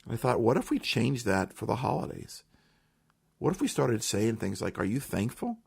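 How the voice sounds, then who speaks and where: A man's voice: medium pitch, vocal fry. A man hosting a podcast, talking earnestly and emphatically in a motivational monologue, repeating phrases for effect. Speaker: podcast host.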